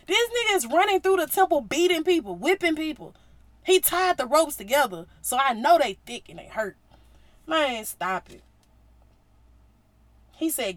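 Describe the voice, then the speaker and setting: A woman hosting a casual faith podcast, talking in slang and acting out Bible scenes with big jumps in loudness. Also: high voice, normal speed, pauses often, no echo. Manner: animated, slangy, acts out quotes with big swings in loudness. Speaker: podcast host.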